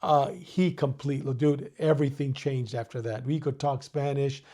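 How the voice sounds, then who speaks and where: Here a retired detective born in Mexico, now older, tells tales during a relaxed interview. He's lively and profane, constantly tossing in "dude" and "you know what I mean," speaking in a mid-range voice at a moderate pace.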